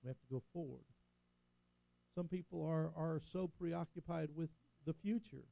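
A man's voice: fairly high pitch, moderate pace, vocal fry, dry recording, lo-fi sound. An older man preaching a sermon as a pastor, rising and falling for emphasis and calling out "Amen?" to the congregation.

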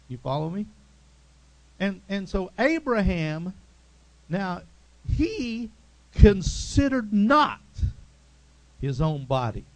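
High, gravelly-voiced preacher man. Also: low-quality recording. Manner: emphatic, repeats phrases, calls out to the congregation. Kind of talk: sermon.

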